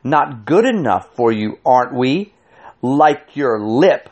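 A man reading an audiobook voices a big beefy bully who talks loud, rough and threatening. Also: lowish voice, animated, a little slow. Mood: belligerent.

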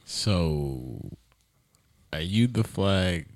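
A man's voice: low voice, lively intonation, very slow. A laid-back man in a casual comedy chat, drawling his questions and ratings. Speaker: podcast panelist.

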